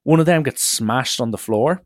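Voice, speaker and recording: Irish man, young, podcast host, animated storytelling, dry close sound. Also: mid-range voice, moderate pace, dry recording. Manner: animated, swears, acts out others' lines. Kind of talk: casual storytelling monologue.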